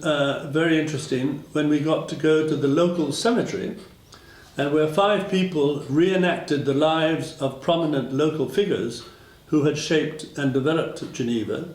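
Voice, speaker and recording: A man with an English accent giving a formal public speech at a twinning ceremony, halting often with fillers and restarts. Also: a little high, a little mellow, roomy sound, low-quality recording. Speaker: speaker at a town twinning ceremony.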